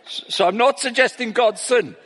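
A middle-aged man preaching an informal sermon, breaking off and restarting his sentences and growing animated as he tells stories. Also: extremely high pitch, normal speed. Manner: informal, self-interrupting, grows animated while telling stories. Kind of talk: sermon with anecdotes. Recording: long reverb of a large hall.

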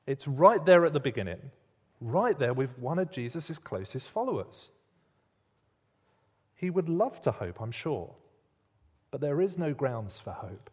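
A man preaching a sermon in a church hall, expressive and pausing for emphasis. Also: medium pitch, breathy edge, muffled recording. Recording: long reverb of a large hall.

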